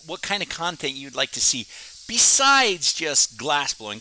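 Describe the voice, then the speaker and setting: A man's voice: on the high side, big pitch swings, unhurried, pushed and bright, a little hiss or hum, poor audio. An American man, a glass artist, chatting in a folksy, easygoing way as he talks through his work in a home studio. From United States. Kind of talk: casual vlog talk while working.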